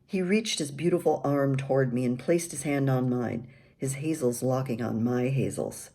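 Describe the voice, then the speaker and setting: A woman's voice: very deep voice, normal speed, dark tone. An older woman reading her own memoir aloud in a wry, candid storytelling manner.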